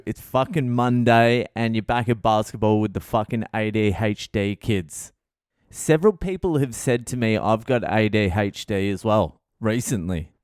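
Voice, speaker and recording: A man's voice: mid-range voice, darkish tone, smooth, no echo, studio quality. Profane rambling comic male storyteller. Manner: profane, rambling, self-mocking. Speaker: podcast host, comedian.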